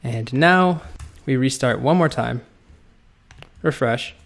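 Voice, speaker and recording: Taking his time, a gravelly-voiced man with a mid-range pitch teaches coding in a screen recording. He's relaxed, typing as he explains each step.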